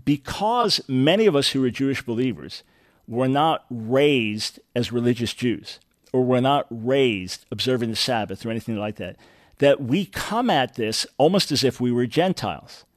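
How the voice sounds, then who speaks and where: A man's voice: mid-range voice, expressive, normal speed, dry recording, studio quality. A middle-aged man hosting a call-in radio show, teaching earnestly and stressing points by repeating words. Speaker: radio talk show host.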